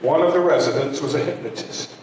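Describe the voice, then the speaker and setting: An older man telling jokes to an audience at a community show, a lively storyteller who acts out every voice. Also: a little high, fairly quick, background noise. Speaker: joke teller at a community show. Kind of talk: stand-up joke telling. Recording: echoey hall from far off.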